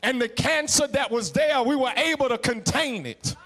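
High-voiced preaching man, Southern cadence. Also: moderate pace, fairly bright tone, in a large hall. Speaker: guest preacher. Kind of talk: Black church sermon with call and response. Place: church sanctuary.

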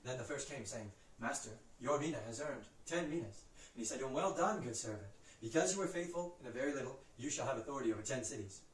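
A man reciting Bible passages from memory in a brisk, steady way, lifting his voice for the quoted cries. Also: mid-range voice, roomy sound, recorded from a distance, poor audio. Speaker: Scripture reciter.

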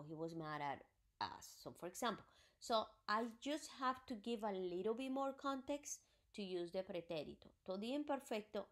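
A woman teaching a recorded grammar lesson, explaining patiently step by step and working through examples. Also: medium pitch. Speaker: Spanish teacher.

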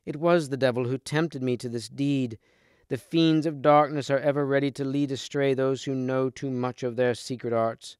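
A man's voice: medium pitch, fairly even intonation, normal speed, a little mellow, smooth, no room sound, studio quality, voice pushed up, close to an everyday voice. A man reading aloud as a scheming sorceress queen in a storybook, with a cold, commanding manner. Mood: pleading. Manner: cold, commanding, falsely sweet.

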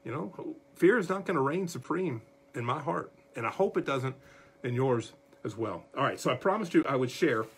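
A man leading a livestreamed Bible study as pastor, folksy and animated, talking straight to his viewers. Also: mid-range voice, husky.

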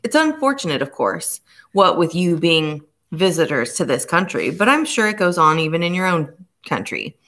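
A woman reading the part of a stern male police inspector who speaks slowly and grimly. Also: on the low side, sing-song, a bit bright. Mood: placating. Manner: slow, measured and grim.

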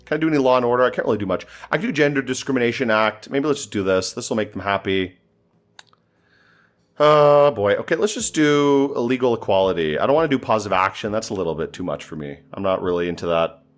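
A man's voice: lowish voice, lively intonation, fast talker, faint music behind. Man doing joking gameplay commentary. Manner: joking, exasperated, thinking aloud. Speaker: gameplay streamer.

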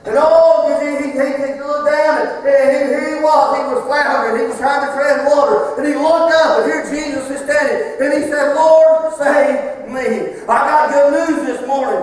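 A man's voice: extremely high pitch, fairly even intonation, normal speed, hardly any pauses. A man preaching a sermon in a fervent, repetitive cadence. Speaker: pastor. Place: church sanctuary. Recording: echoey church hall from far off.

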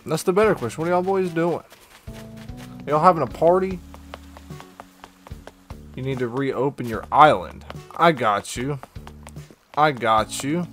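Here a gaming streamer speaks in a somewhat bright, high-leaning voice. The young man keeps things upbeat and slangy, playing a game on a live stream while reading viewer messages and chatting casually with them.

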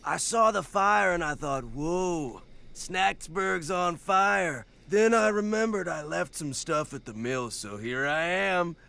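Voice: medium pitch, lively intonation, slow pace, gravelly, sharp tone, full character voice. A man voicing a laid-back, muscular male gym bro in a video game, slangy and calling everyone bro and dog. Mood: chill.

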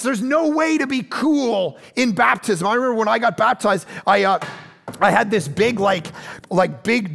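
A man in his forties preaches with a high voice and a gravelly edge. He tells stories in a loose, self-deprecating way and acts out the people in them. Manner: animated storytelling that acts out quoted voices. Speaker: pastor. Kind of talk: sermon.

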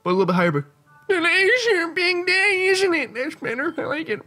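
A sweet, fussy old auntie who frets tenderly over a young relative, her high voice quavering and sliding up and down in lively swoops, as a man puts her on while reading game dialogue aloud. Faint music runs under her. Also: fairly quick, heavily acted. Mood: doting. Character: fussy emotional old woman aunt, doting.

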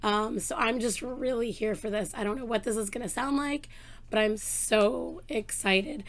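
A woman hosting a reaction vlog, chatting excitedly with a hoarse voice she is losing, talking into a desk microphone with many fillers. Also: on the high side, normal speed. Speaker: reaction channel host. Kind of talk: casual chat to camera.

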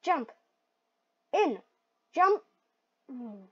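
A woman giving excited gameplay commentary, shrieking and laughing at close calls. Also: high-pitched, very slow. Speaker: gaming video host. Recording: dull lo-fi mic.

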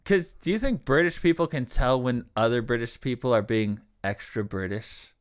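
An American man trading jokes on a podcast, with a smooth, clear voice at an ordinary pitch. He laughs easily and keeps the talk loose and casual. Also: normal speed. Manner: joking, laughs often. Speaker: podcast co-host.

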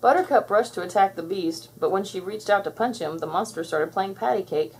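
A woman narrating a children's storybook aloud in an expressive, clear storytelling manner. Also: mid-range voice, fairly quick, low-quality recording. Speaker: storybook reader.

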